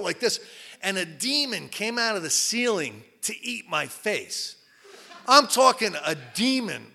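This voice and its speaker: A man's voice: sits high, gravelly, pushed and bright. A man from New Jersey giving a candid, rambling personal testimony at a recovery meeting, full of fillers and repeats. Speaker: recovery speaker.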